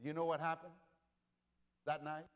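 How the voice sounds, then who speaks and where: A man preaching a sermon, repeating lines, swelling loud and falling quiet. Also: on the high side, monotone, moderate pace. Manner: rousing preaching with repetition, rising and dropping in volume. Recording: long reverb of a large hall.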